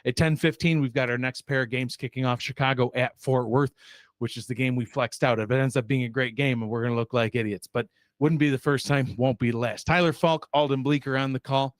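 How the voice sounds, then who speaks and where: A man's voice: medium pitch, steady tone, a little fast, dry recording. Casual male sports show host, dry mic. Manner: rambling, self-deprecating, lots of fillers.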